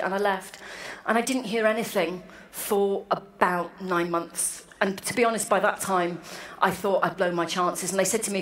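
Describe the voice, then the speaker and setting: A woman in her forties giving a wry, self-deprecating anecdotal speech to a meeting. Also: mid-range voice. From Wales. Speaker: speaker at an annual meeting. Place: large hall, to an audience. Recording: echoey hall with faint room noise.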